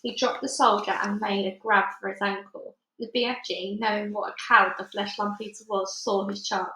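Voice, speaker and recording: A woman reading a children's book aloud with lively, dramatic storytelling. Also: mid-range voice, moderate pace. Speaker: storybook reader. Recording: roomy echo.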